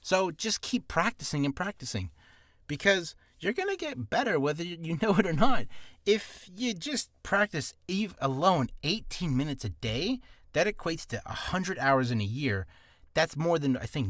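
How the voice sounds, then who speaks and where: Rambling man with a lively voice. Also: on the high side, moderate pace, no echo, studio quality. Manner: rambling and self-deprecating, full of asides. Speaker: voice acting teacher. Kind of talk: casual tutorial.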